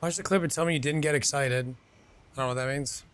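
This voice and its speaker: A man's voice: fairly high pitch, a little fast, fairly bright tone, clean tone. A male streamer chatting casually while gaming, swearing freely and making mock outbursts at his chat.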